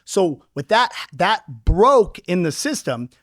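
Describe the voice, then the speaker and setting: A man with a high speaking voice, interviewed as a crypto investor on a podcast. He talks with energy and explains markets through everyday analogies. The recording is dry and close. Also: no echo. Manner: energetic, explains with homely analogies, acts out quick quoted voices.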